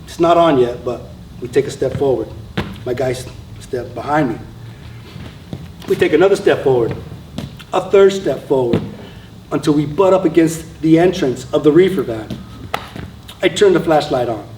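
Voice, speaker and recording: A man's voice: a little high, expressive, moderate pace, long pauses, noisy background. A man, an Army veteran, telling a story live on stage in a conversational way, with frequent fillers and restarts. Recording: roomy sound from a distant mic.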